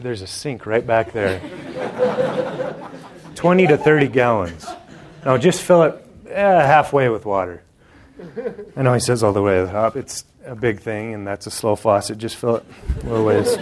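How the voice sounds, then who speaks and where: A man preaching a sermon, joking and talking straight to the congregation in an indoor hall. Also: mid-range voice. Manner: conversational and joking, addressing the congregation directly.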